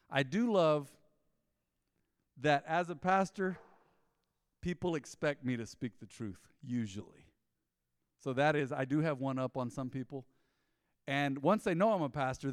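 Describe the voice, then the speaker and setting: A man preaches a loose, conversational sermon, slipping into quick impressions of the people in his stories. His voice sits a little high for a man. The close mic keeps it dry, yet a long hall reverb trails after each phrase. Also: clear, resonant tone. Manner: animated storytelling, mimicking people in quoted asides. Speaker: pastor. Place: church.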